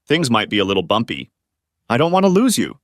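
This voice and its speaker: A man voicing a calm, kindly cowboy spirit from the old West, talking in a folksy Texas accent. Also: mid-range voice, a little fast, no echo, clean studio sound. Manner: folksy, drawling, reassuring.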